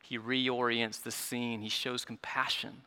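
A male pastor preaching a sermon in an earnest way, often repeating words as he restarts, dropping soft and rising again. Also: mid-range voice, level tone, unhurried, clear, resonant tone. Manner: earnest, stumbling repetitions, drops soft then rises.

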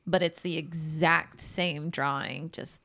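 A woman's voice: sits low, fairly even intonation, takes it slowly, vocal fry, a bit bright. A woman co-hosting a casual podcast chat, joking and self-deprecating. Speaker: podcast co-host.

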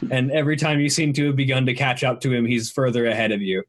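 A man's voice: medium pitch, fairly even intonation, fast. A man narrating a tabletop game as game master, casual and loose, with fillers and frequent laughter.

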